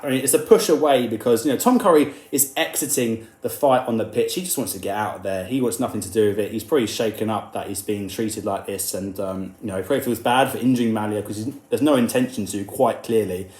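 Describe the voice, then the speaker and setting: A man talking through a sports controversy in an indignant, animated way, now and then slipping into mocking voices when he quotes others. His voice sits at a middling pitch. The sound bounces around an echoey room. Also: fairly quick. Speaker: rugby news commentator. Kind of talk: opinionated commentary video.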